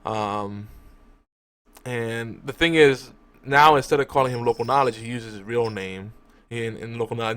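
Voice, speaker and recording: Man, casual podcast host, mid-pitched, rambling recap, restarts. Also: moderate pace, fairly bright tone, clean tone. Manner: rambling, with frequent restarts and fillers; talks to his cat in a high cooing voice. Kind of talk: casual chat recapping a TV episode. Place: home room at a desk.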